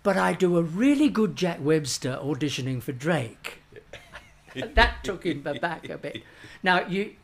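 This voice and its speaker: Older stage actor telling an animated story. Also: male voice, fairly high pitch, measured pace. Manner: animated, acts out the people he quotes. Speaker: stage actor, interview guest. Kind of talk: anecdotal storytelling.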